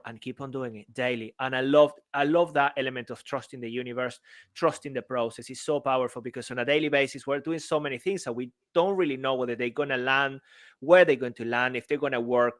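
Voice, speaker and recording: A man's voice: medium pitch, fairly bright tone, dry recording. A man co-hosting a podcast, effusive and enthusiastic in casual chat. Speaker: podcast co-host.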